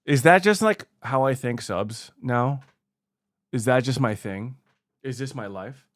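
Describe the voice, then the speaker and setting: A male streamer chatting live to his viewers, theatrical, groaning and yelling at chat, sore from a workout. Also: mid-range voice, animated, a little slow, no room sound, clean studio sound. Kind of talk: livestream chat.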